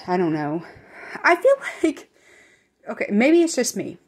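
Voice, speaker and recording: A woman's voice: medium pitch, big pitch swings, measured pace, long pauses, slightly rough. A young woman in a casual home vlog, chatting in a rambling way and often correcting herself. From American Midwest. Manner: whispering. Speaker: vlogger. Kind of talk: casual grocery haul chat.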